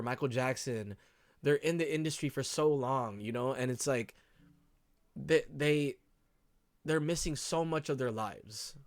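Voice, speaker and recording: A man's voice: medium pitch, no echo, studio quality. A man hosting a reaction video, talking casually with lots of slang, emotional and sympathetic. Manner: slangy, says bro and dog a lot, emotional.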